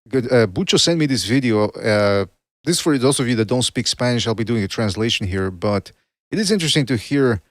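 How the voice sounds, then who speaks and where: A man's voice: fairly low pitch, no room sound, clean studio sound. A man from Canada hosting a boxing podcast livestream, chatting casually and rambling, often breaking off mid-sentence to correct himself.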